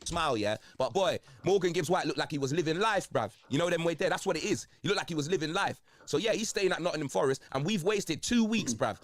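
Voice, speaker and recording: A young man with a London accent talks football in rapid, slang-packed bursts. His voice sits a touch high and sounds congested. The sound is dry and close. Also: no room sound. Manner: slang-heavy, animated, ranting. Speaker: football video host. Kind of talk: casual football banter.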